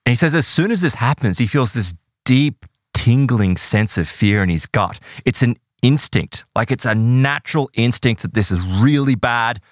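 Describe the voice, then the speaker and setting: A man's voice: mid-range voice, normal speed, no echo, clean studio sound. A man hosting a podcast, retelling a paranormal encounter in a casual, dramatic way with plenty of filler words.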